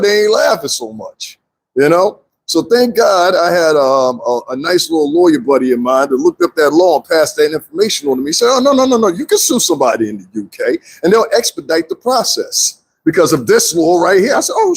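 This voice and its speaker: On a live stream, a man with a fairly high, husky voice chats casually and directly with his audience. He's lively throughout and laughs a lot.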